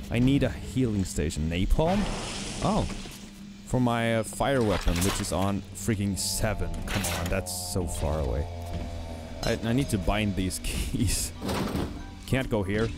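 A man giving casual gameplay commentary as host of a let's play, thinking aloud in a musing, halting way. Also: lowish voice, expressive. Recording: game music clearly behind.

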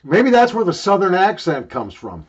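An older man reviews chewing tobacco in a loose, joking, crude ramble, his words thick from the wad in his cheek. His voice sits a little high. The recording sounds dull and lo-fi. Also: wildly swooping pitch, normal speed, breathy edge. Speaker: video reviewer. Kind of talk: casual tobacco review vlog.

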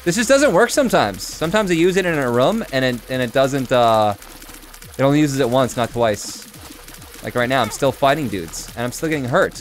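Animated man streaming a game. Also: mid-range voice, normal speed, slight background noise. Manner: chatty, animated, reads and answers chat. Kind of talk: casual game-stream commentary.

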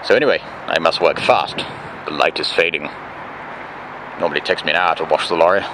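Very deep and fairly even in intonation, this truck driver's voice runs a little fast as he vlogs casually beside his truck at night. His humor is dry and self-deprecating. Traffic and vehicle noise fill the noisy outdoor camera recording.

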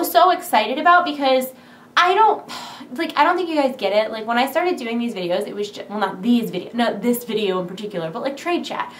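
A young woman vlogging casually from home, rambling with lots of "like", excited and nervous, recorded on her camera mic in a big empty room. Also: on the high side, roomy sound, slight background noise. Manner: chatty, rambling, full of "like". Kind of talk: casual vlog chat. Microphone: camera's built-in mic.

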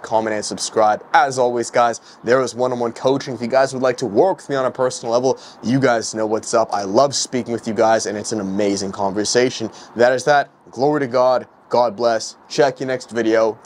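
An earnest young man preaches straight to his camera in a casual vlog, exhorting his viewers and calling them "guys" again and again. His voice sits at an ordinary middle pitch for a man, with a faint hum of background noise. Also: steady tone, fairly quick, few pauses. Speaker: street preacher and coach.

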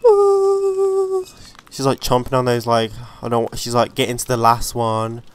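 Smooth-voiced man chatting over gameplay. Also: mid-range voice, moderate pace. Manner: chatty and excitable, swears freely. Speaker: let's play host. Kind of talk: casual gameplay commentary.

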